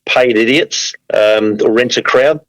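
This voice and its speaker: A man's voice: medium pitch, unhurried, poor audio. A man speaking as a guest on a football panel, blunt and indignant. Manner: blunt, indignant, mildly swearing.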